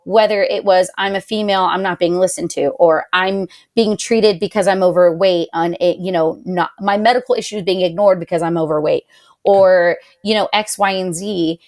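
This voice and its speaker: Animated young woman telling her story. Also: lowish voice, moderate pace. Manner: animated, heavy use of "like", quotes others in raised voice. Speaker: podcast guest, patient advocate. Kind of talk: emotional personal storytelling.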